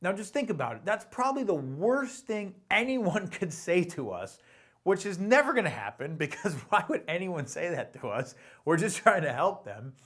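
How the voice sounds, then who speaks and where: Male motivational sales coach, emphatic and exhorting, lively pitch swings. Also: moderate pace. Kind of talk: motivational talk to camera.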